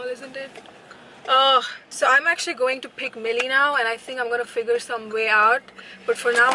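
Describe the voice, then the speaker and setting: Bright, chatty young woman vlogging. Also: a little high, slight background noise, rough recording. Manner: candid, profane, chatty storytelling. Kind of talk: casual vlog chat.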